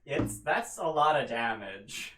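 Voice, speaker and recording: A man narrates a tabletop game as game master in a relaxed, loose way, pausing on fillers between descriptions. His voice sits mid-range and carries the echo of a roomy space. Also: mid-range voice, a little hiss or hum.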